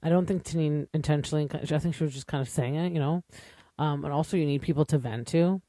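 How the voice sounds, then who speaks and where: A man's voice: a little high, quick pace, mellow, no echo. A man hosting a podcast, giving a chatty, opinionated recap with lots of asides and fillers, English as his first language. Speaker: podcast host. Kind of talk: casual recap commentary.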